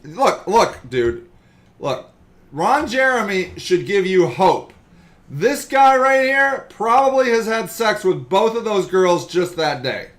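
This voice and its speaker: A man hosting a comedic podcast, reading an article aloud and mocking it loudly. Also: high-pitched, slow. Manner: loud, excitable, mocking, jumps into silly voices. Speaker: podcast host.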